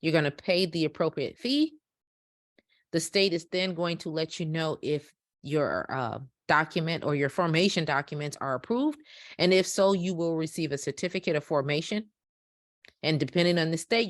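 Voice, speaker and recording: Deep-voiced woman walking you through business setup, emphatic, dry close sound. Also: no room sound. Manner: emphatic, repeats key points with check-ins. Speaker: dispatching business instructor. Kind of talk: instructional walkthrough. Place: home office.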